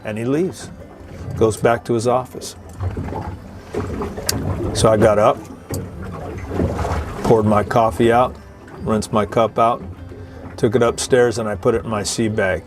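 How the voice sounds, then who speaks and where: A middle-aged man, a retired Coast Guard veteran who hosts videos, casually tells his viewers a joking, salty story with music in the background. His voice is lowish with fairly even intonation, and he speaks at a measured pace with frequent pauses.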